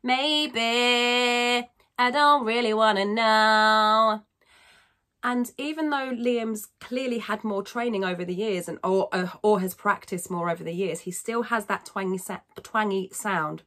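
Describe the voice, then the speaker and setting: A woman talking through a casual singing lesson. Her voice sits at an ordinary middle pitch, and she chats easily, thanks her viewers and drops in quick self-deprecating remarks. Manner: chatty, warm-hearted asides, thanks viewers. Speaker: singing teacher.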